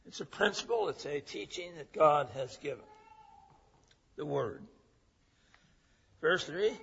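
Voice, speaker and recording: Slow gravelly pastor preaching in a hall. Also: male voice, on the high side, expressive, sharp tone. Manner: teaching, asks and answers his own questions. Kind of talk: sermon. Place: church sanctuary. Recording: dull long-reverb church hall recording.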